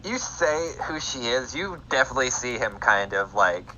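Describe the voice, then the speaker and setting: A man's voice: medium pitch, animated, moderate pace, dull audio, heavy background noise. A man narrating a tabletop game as the game master, describing scenes and laughing often. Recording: background music under voice. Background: music.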